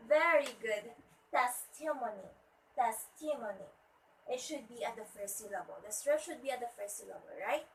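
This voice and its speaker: A woman teacher giving a pronunciation lesson, slowly repeating each word to model its stress. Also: on the high side, animated, a little hiss or hum. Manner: slow and deliberate, repeats words to model stress. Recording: voice from a distance with faint ambience.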